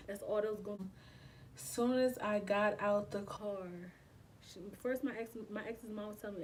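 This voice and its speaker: A woman's voice: medium pitch, fairly even intonation, brisk, darkish tone, recorded from a distance, slight background noise, rough recording. A young woman, telling a painful personal story in a casual, emotional way, with frequent swearing and slang. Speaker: vlogger. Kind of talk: storytime vlog.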